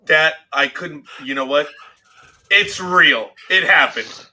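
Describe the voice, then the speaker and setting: A man's voice: fairly high pitch, slow pace, pushed and bright. A man co-hosting a podcast, bantering and joking casually with some swearing. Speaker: podcast co-host. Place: studio.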